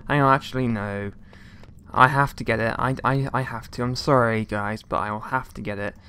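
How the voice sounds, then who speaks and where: A man talking through a video game in a loose, rambling way, tossing out jokey complaints and mock outrage as he plays. His voice sits at an everyday middle pitch. A faint hiss of noise runs under it. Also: fairly even intonation, normal speed, pushed and bright. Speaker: let's play gamer. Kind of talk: casual gameplay commentary.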